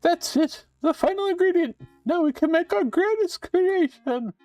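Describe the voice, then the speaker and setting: A man's voice: very high-pitched, expressive, moderate pace, mellow, dry recording, far from the mic, soft background music, pitched above the performer's own voice. A man voicing an old female swamp witch who is cruel and mocking. She chants rhyming spells in a sing-song way and taunts the listener. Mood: gloating.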